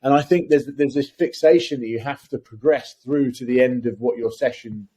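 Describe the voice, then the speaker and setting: A man's voice: mid-range voice, moderate pace, dark tone, slight background noise. A man co-hosting a podcast, speaking in a thoughtful, hesitant way. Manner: thoughtful, hesitant, many fillers. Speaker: podcast co-host. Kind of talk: casual podcast interview.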